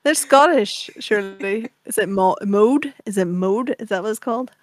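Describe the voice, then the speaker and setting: A woman's voice: medium pitch, moderate pace, no echo. Irish woman musician guest, rambling, jokey, dry close-miked voice. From Ireland. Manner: playful, rambling, laughs often. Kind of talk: casual radio chat.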